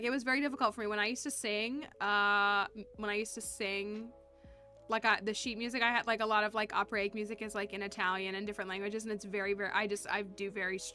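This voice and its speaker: A woman's voice: medium pitch, bright, forceful tone. A woman streamer giving chatty live commentary while reading game dialogue aloud. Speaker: gaming streamer.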